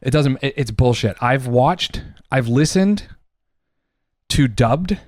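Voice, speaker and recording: A man's voice: mid-range voice, animated, slow pace, a little mellow, no echo, clean studio sound. A man co-hosting a casual podcast, arguing heatedly and emphatically, with lots of swearing. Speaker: podcast co-host.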